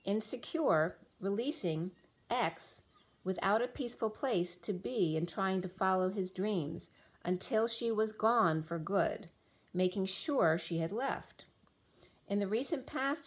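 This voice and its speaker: A woman's voice: medium pitch, measured pace. Woman giving a rambling tarot reading. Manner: dreamy, free-associating, rhyming asides. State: losing her voice. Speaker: tarot reader. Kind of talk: spiritual tarot reading monologue.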